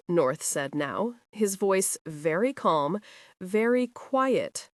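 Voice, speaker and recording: Expressive woman narrating an audiobook. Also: mid-range voice, slow, no room sound, clean studio sound. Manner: expressive storytelling. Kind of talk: scripted narration.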